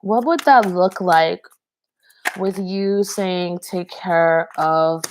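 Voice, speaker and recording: A woman's voice: fairly low pitch, very slow, a little hiss or hum. A young woman giving a casual live tarot reading, chatty and rambling, talking to viewers in the chat. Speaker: tarot reader.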